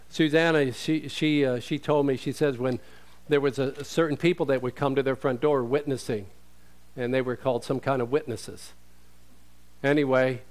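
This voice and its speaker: A male pastor preaching a sermon in a conversational way, asking rhetorical questions and quoting scripture. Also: medium pitch.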